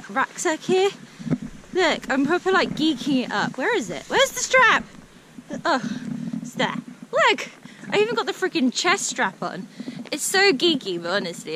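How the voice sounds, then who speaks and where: A bubbly young woman talks to her action camera while out in the snow. Her voice is high and bounces all over the place. Outdoor noise crackles behind her on the camera audio. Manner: bubbly and chatty, laughs easily. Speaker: vlogger. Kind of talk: casual vlog chat.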